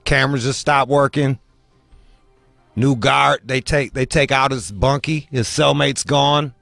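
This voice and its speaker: A man hosting a podcast, telling crude comic stories full of swearing and jumping into high squeaky voices to act out other people. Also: a little slow, gravelly, no room sound, soft background music. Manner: profane, animated, mimics people in high voices. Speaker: podcast host. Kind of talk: crude comedic storytelling.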